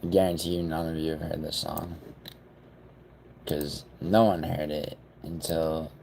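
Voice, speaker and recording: A man's voice: a bass voice, level tone, a little slow, gravelly, darkish tone, a little hiss or hum. A man hosting a livestream in a rambling, profane way, talking straight to his chat. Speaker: livestream host. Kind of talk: casual livestream chat with viewers.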